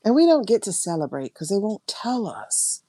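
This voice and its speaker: A woman hosting a tarot livestream, ranting emphatically and repeating herself, her voice swinging between loud and hushed. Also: medium pitch, very animated, moderate pace. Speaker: tarot reader and livestream host.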